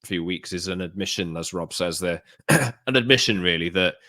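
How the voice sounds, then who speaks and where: A man co-hosting a casual football podcast, explaining his view in a measured way and clearing his throat now and then. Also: sits low, bright, forceful tone, no room sound, studio quality. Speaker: podcast co-host.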